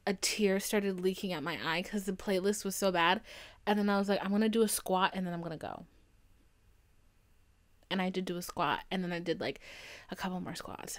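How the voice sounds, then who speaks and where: A young woman hosting a podcast, telling stories in a casual, animated monologue that swings from low murmurs to excited bursts. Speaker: podcast host.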